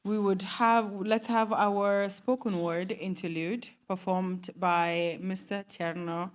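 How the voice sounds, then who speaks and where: A woman from the Gambia hosting a formal breakfast meeting, speaking in a measured way with many fillers. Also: mid-range voice, steady tone. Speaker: event host. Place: conference room at a breakfast meeting.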